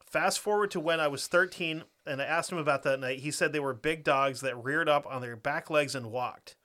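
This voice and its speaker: Young male podcaster, bright slightly high voice, profane casual ranter, story reader. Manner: profane, rants fast and laughs a lot. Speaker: podcast co-host.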